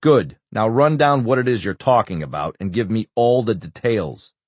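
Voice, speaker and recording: A man's voice: fairly low pitch, animated, moderate pace, a little mellow, no room sound. A man reading an audiobook, voicing a furious, imperious older male senator who barks scornful demands. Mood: stern.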